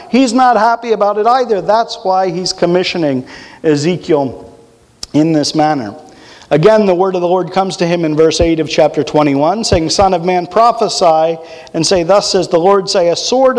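Male preacher, high-pitched, teaching sermon with homely asides; long hall reverb. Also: darkish tone. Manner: teaching, folksy asides between long scripture readings. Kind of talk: expository sermon.

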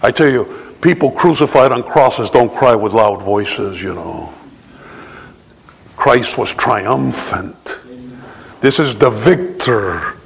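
A man preaching a sermon, quoting scripture and driving points home with rhetorical asides, sometimes rising to a shout. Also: medium pitch, lively intonation, slow, vocal fry, long pauses, breathy edge. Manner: emphatic, rises to shouts on key points. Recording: long hall reverb.

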